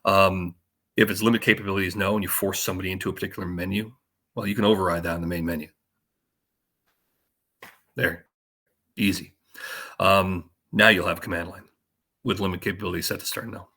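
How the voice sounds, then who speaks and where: A man presenting a conference talk in a casual, joking and energetic way. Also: deep voice, brisk, pauses often, breathy edge.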